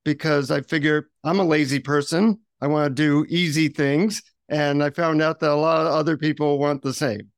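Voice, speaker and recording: A man, an author and guest on an interview, telling lively, self-mocking anecdotes. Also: on the high side, normal speed, hardly any pauses, clean tone, no room sound, clean studio sound. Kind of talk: interview storytelling.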